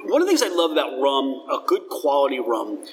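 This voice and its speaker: A man's voice: mid-range voice, huge pitch swings, quick pace, distant mic, a little hiss or hum. Upbeat man with a reverberant sound. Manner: enthusiastic, descriptive, rambling. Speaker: host. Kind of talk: casual tasting chat. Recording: long hall reverb.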